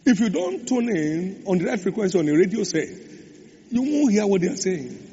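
A man's voice: high-pitched, sing-song, normal speed, mellow, slightly rough. A man preaching a sermon, stressing and repeating key phrases. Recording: echoey hall, dull lo-fi sound, faint hum.

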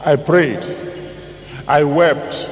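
Man preaching, dramatic swings in pitch and volume, unhurried, heard from a distance in a reverberant hall. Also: steady tone. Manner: dramatic, swings from low asides to raised exclamations. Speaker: pastor. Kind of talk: sermon. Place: large church hall.

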